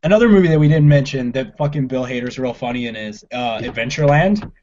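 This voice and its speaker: A man's voice: mid-range voice, lively intonation, fast talker, background noise. Laid-back swearing man, lo-fi recording. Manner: laid-back, swears freely, laughs often. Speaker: podcast co-host. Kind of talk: casual chat about comedy films. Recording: lo-fi dull audio.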